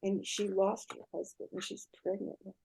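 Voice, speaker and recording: An older woman, a guest on a podcast interview, retelling a myth in an animated way and often checking in with her listener. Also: mid-range voice, moderate pace, gravelly, breathy edge.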